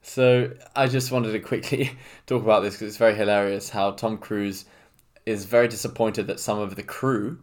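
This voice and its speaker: A man's voice: fairly low pitch, steady tone, moderate pace. Chatty man co-hosting a podcast. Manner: chatty, laughs often, self-mocking. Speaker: podcast co-host. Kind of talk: casual chat.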